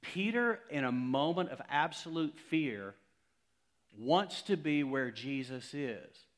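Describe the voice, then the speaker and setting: A man's voice: fairly high pitch, lively intonation, slow. Emphatic man preaching a sermon. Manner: conversational, emphatic preaching, swings from loud to hushed. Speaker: pastor.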